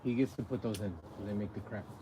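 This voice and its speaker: This livestreaming dad chats with viewers beside a nighttime backyard fire, cracking jokes, laughing a lot and reading the chat out loud. He has a fairly low, mellow voice and speaks quickly over slight background noise.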